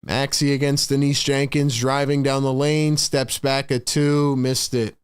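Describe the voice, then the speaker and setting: A man's voice: medium pitch, little pitch movement, measured pace, clean tone. A man doing live play-by-play for his own fan stream, calling the action and ranting in frustration between plays. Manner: sighs and rants between calls.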